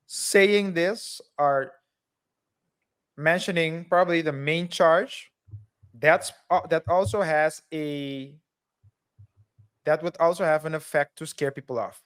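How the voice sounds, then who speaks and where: A man's voice: fairly high pitch, slow pace, long pauses, fairly bright tone, smooth. A man co-hosting a casual discussion show, joking and restarting his sentences as he talks. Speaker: podcast co-host. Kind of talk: casual chat.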